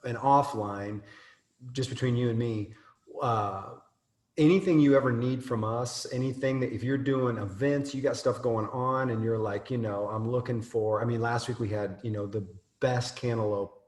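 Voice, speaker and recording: A man's voice: mid-range voice, steady tone, moderate pace, darkish tone. A man hosting a podcast, chatting in a rambling way with many fillers. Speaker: podcast host. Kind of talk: casual interview chat. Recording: roomy echo.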